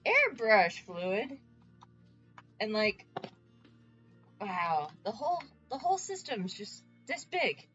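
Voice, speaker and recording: A woman streamer chatting live with viewers, excited, stammering and repeating exclamations. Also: on the high side, slow pace, long pauses, lo-fi sound, soft background music.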